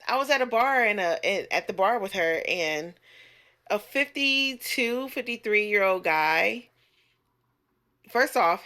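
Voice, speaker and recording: Blunt, bright-voiced woman in her thirties. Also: lowish voice. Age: 30s. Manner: blunt, animated, profanity-laced, mimics others' voices. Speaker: relationship coach vlogger. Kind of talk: casual storytelling rant.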